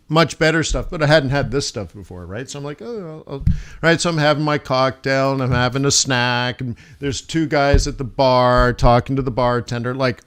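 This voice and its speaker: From his home studio, an American forex trader chats on his live trading stream, laughing and restarting often as he wanders through a travel anecdote. He has a clean, fairly bright, mid-range voice.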